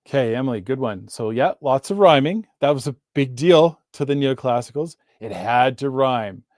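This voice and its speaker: A man teaching a live online literature class in a casual, chatty way, often correcting himself and reading verse slowly to stress its rhythm. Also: medium pitch, animated, a little mellow, no echo, studio quality.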